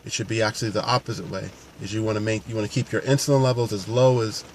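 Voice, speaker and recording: Earnest male coach, lower voice, unscripted to-camera talk over faint traffic. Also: steady tone, fast talker. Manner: earnest, unscripted, many restarts. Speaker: paramedic and fitness coach.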